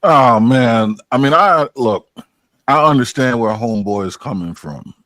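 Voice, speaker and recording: A man's voice: medium pitch, lively intonation, unhurried, a bit bright, no room sound. Give me an emphatic male panelist on a dry mic. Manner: emphatic, candid.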